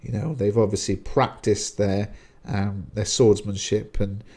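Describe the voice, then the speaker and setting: A man's voice: lowish voice, fairly even intonation, measured pace, a little mellow. A man teaching a lesson, explaining a text in a chatty way with frequent fillers.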